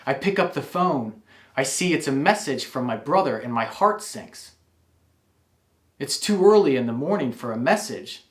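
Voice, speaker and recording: A man's voice: on the high side, echoey room. Wry man telling a personal story. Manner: wry, confessional.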